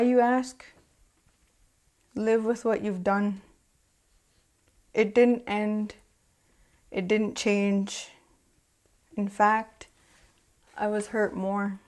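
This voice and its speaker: Slow, deliberate woman reciting a poem. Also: mid-range voice. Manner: slow, deliberate, measured delivery with long pauses. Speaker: spoken word poet. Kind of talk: spoken word poetry recitation.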